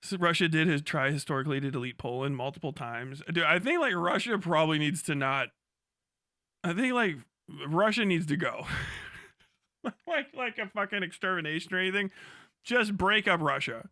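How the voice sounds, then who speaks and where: A young man rants to his live chat, swearing freely and breaking into laughter as he leaps between topics. His voice sits a little high and rings bright and forceful. The sound is dry and close, with no room echo. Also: moderate pace. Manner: profane, excitable, laughs often, jumps from topic to topic. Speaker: livestreamer. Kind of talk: casual rant to a live chat.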